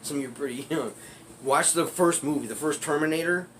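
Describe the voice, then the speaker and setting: A man's voice: on the high side, fairly quick, noisy background. A man telling a personal street story in a rambling, profane way, laughing often as he talks. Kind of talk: casual storytelling.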